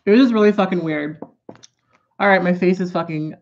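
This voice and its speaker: A woman's voice: lowish voice, brisk, darkish tone, lo-fi sound, slight background noise. A woman vlogger telling a story in a loose, profane, rambling way, breaking into asides while she does her makeup at home. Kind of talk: casual storytime vlog.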